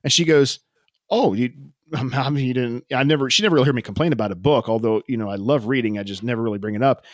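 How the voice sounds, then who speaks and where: A man chatting on a podcast, rambling through stories and playing out every quoted line. His voice sits at an ordinary pitch. The sound is dry and close to the mic. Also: fast, no room sound. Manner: rambling storyteller, acts out quoted dialogue. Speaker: podcast co-host. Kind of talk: casual chat.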